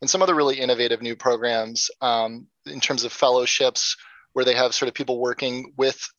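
A man's voice: mid-range voice, steady tone, fairly quick, a bit bright, no room sound, dull audio. A man speaking as an interview guest, earnest and upbeat, with frequent ums and sort-ofs. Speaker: guest, nonprofit founder. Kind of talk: casual interview.

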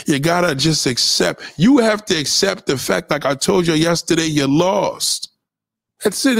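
Guy ranting on a livestream, kinda high voice, dry close sound, preachy and blunt. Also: vocal fry, no echo. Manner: blunt and preachy, swears constantly, lectures the chat; gives shout-outs to viewers. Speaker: livestream host. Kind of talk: profane livestream rant.

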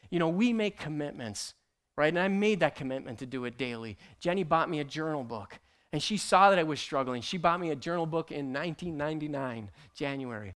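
A middle-aged man from Canada, a pastor giving a conversational testimony sermon, halting and full of fillers and tag questions. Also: a little high, lively intonation, a bit bright.

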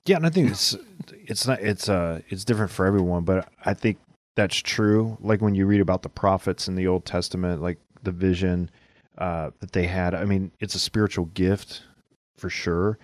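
A man's voice: sits low, moderate pace, dry recording. A man co-hosting a podcast, chatting casually and rambling with lots of filler words. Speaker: podcast co-host. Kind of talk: casual chat.

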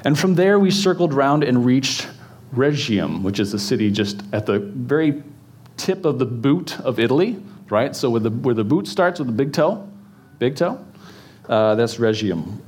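A man preaching to a congregation in a church in a relaxed, chatty way. He jokes with the audience and stops to fill in with ums and restarts. His voice sits at an ordinary middle pitch for a man. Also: normal speed, slightly rough. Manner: chatty, joking, many fillers and restarts. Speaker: pastor. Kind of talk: casual sermon teaching.

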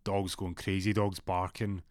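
A man's voice: deep voice, flat delivery, unhurried, darkish tone, no echo, studio quality. A young man telling a spooky story in a casual, rambling way, full of restarts.

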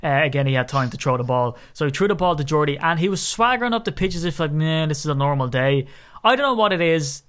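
Male co-host, lively and jokey, fairly high voice, casual sports chat. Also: fast, hardly any pauses. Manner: animated, joking, exaggerating with rising pitch. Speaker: podcast co-host.

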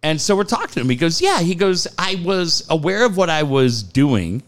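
Animated storytelling male radio host. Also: a little high, moderate pace. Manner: animated storyteller, acts out quotes; casual, swears freely. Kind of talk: casual radio chat.

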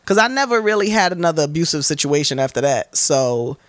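A woman's voice: deep voice, brisk, no echo. A young woman guest in an interview, speaking candidly and bluntly with profanity, acting out quotes as she tells her stories. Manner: blunt, profane, animated storytelling with acted-out quotes.

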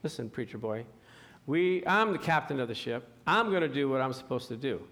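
A preacher doing a gruff scoffing ship captain. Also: male voice, mid-range voice, animated, a little fast, a bit bright, voice pushed down. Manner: scoffing, curt.

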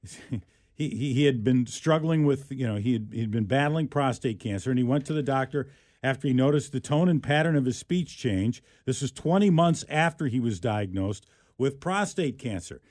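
A man's voice: medium pitch, animated, normal speed, darkish tone, dry recording, studio quality. A man co-hosting a radio show, chatting casually and jokingly about an odd news story, often restarting his sentences. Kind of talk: casual talk radio banter.

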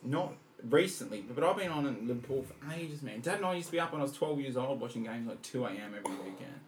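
A man's voice: mid-range voice, fast. Swearing, laughing young Australian man. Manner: laughs often, swears, excitable bursts. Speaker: podcast co-host. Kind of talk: casual podcast banter. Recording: roomy sound, faint background noise.

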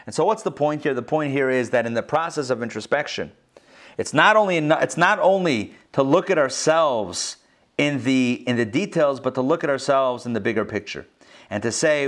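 A man's voice: mid-range voice, sing-song, normal speed. A man, a rabbi, teaching a live Torah class in a conversational way, with lots of rhetorical questions. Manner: conversational, many fillers and restarts, rhetorical questions. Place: school classroom.

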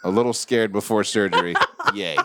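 A man's voice: lowish voice, normal speed, very noisy. A young adult man hosting a casual podcast, reading listener stories with sardonic, swearing banter. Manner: sardonic, lively, swears freely.

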